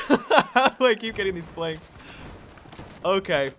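Young male gamer, lively jokey play-by-play with high yelps, faint gunfire behind. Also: takes it slowly, long pauses, slight background noise. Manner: excitable, laughing, joking, sudden high squeals of surprise. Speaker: gameplay commentator. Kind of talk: casual gameplay commentary.

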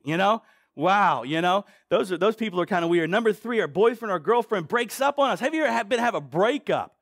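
High, gravelly-voiced male preacher. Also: fairly bright tone, dry recording, studio quality. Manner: conversational, asks the crowd questions, quick asides. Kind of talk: sermon to a congregation.

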